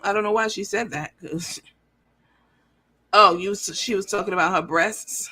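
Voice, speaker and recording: A woman's voice: mid-range voice, normal speed, pauses often, breathy edge. A woman hosting a casual livestream who reads viewer comments aloud and talks in a blunt, profane, rambling way. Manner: animated and lively. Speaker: livestream show host.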